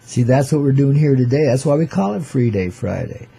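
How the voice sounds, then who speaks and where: A man's voice: mid-range voice, animated, a little fast, creaky, warm tone, slightly rough. An older man hosting his own show, drifting through a laid-back rhyming monologue full of hip slang, calling his listeners "babies" and "man" and chuckling between lines. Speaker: show host.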